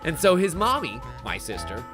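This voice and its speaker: A man commenting on a party game for a live stream audience, playful and sarcastic, his pitch swinging animatedly from phrase to phrase. His voice sits a little high, with faint game music underneath. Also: huge pitch swings, moderate pace.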